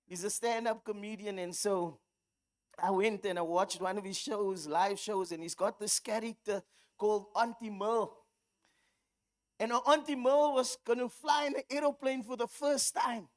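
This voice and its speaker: A woman's voice: medium pitch, steady tone, moderate pace. A woman preacher with a South African accent, giving a sermon that moves from storytelling into fervent exhortation.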